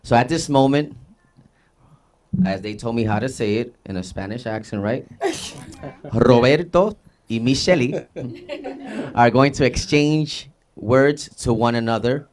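A man's voice: medium pitch, moderate pace, a little mellow. A man officiating a wedding ceremony, reading scripture and telling a chatty, laughing story about the couple. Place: outdoor wedding venue.

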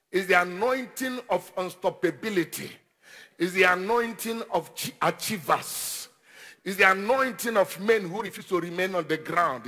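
A man preaching a sermon as pastor, with call-and-response and repeated phrases that rise into shouted declarations. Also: high voice, husky, in a large hall.

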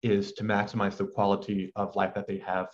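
Young male guest, stutters, thoughtful; low monotone, muffled audio with faint noise. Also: brisk. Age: young adult. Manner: stutters, repeats sounds, thoughtful. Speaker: medical student guest. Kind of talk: conversational interview.

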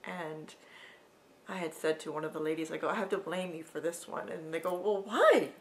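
A middle-aged woman telling an emotional personal story in a vlog, halting and sometimes dropping to a soft whisper. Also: low voice, level tone. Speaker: vlogger.

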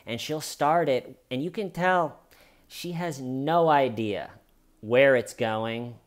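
Guy doing chatty true crime commentary, animated, wry dark humor. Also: mid-range voice, slow pace. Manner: animated, conversational, slips into quoting people. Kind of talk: casual video commentary.

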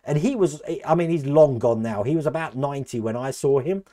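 A man's voice: mid-range voice, fairly quick, dark tone. An older man from Australia with a mixed Australian and Essex English accent, hosting a live stream and chatting casually as he answers viewers' comments by name.

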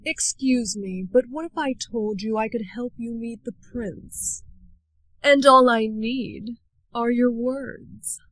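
Sly deal-making sorceress, played by a young woman, slow, purring, bone-dry close sound. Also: fairly high pitch, a bit bright, no echo, poor audio. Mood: scheming. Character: scheming sly sorceress woman striking deals.

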